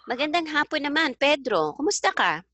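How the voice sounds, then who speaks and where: A woman's voice: high voice, big pitch swings, brisk, fairly bright tone, dry recording, voice pushed up. A woman reading as a Filipino mother. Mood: friendly. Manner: plain read-aloud dialogue, polite. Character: Filipino mother greeting her son's classmate.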